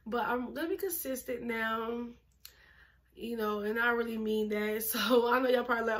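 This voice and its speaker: A chatty young woman in her twenties vlogging straight to camera, her voice sitting a touch high. She talks casually and emphatically, leaning on fillers, and is a little short of breath from pregnancy. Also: moderate pace, fairly bright tone, a little hiss or hum. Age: 20s. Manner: chatty, emphatic, uses lots of fillers and laughs.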